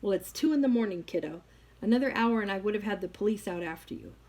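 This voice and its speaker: A woman's voice: mid-range voice, fairly quick, slightly rough. Woman reading as a furious young man. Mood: angry. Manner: shouting, scolding. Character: angry young man, stern older brother. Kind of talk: audiobook reading.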